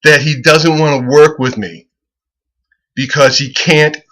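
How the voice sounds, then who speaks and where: A comedian rambling casually as he pitches a website, profane and excitable, who keeps breaking into laughter at his own jokes. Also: measured pace, rough recording. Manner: profane, excitable, loose storytelling.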